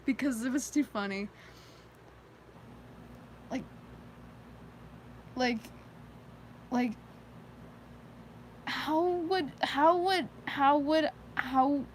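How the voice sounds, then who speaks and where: A woman's voice: high voice, animated, very slow, long pauses, a little hiss or hum, poor audio. A teenage girl chatting casually on a live stream, rambling with many fillers and frequent giggles. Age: teens. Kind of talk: casual chat.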